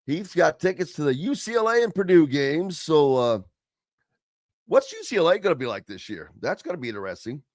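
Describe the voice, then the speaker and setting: A man's voice: fairly high pitch, very animated, fairly quick, no room sound, clean studio sound. Chatty male sports radio host. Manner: chatty, rambling, reads listener comments aloud. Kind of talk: casual sports talk radio.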